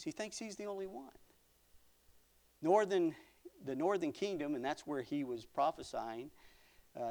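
A man preaching a sermon, reading old scripture aloud and adding folksy asides, dropping to a near whisper at times. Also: a little high. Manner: dramatic swings from loud to near whisper; folksy asides with small laughs.

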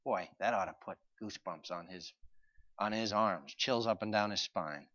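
A male preacher reading scripture aloud and explaining it, swinging from quiet explanation to loud, urgent pleading. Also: on the low side, moderate pace, dry recording, muffled recording. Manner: reads old-fashioned scripture aloud with emphasis. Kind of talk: sermon reading and expounding scripture.

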